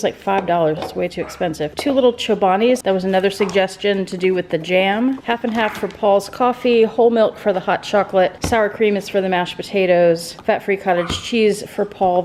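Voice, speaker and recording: A woman chatting casually through a home vlog in her kitchen, going sing-song and high when she talks to her pets. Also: darkish tone, slight background noise. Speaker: vlogger.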